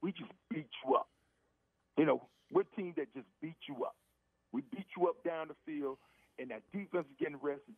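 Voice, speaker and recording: Middle-aged ex-player on a phone line, tinny and dry, keeps repeating himself for emphasis. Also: male voice, a little high, vocal fry, slightly rough, no echo. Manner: repetitive, emphatic, restarts phrases. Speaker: former NFL receiver, radio guest. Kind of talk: casual sports radio talk.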